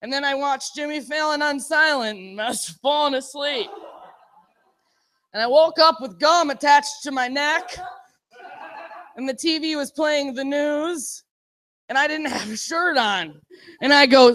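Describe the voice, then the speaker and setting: A woman telling a stand-up story with a high, bright voice. She throws herself into the quotes she acts out and shouts her punchlines. Her voice stays lively and animated all the way through. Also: moderate pace. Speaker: stand-up comedian. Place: bar stage.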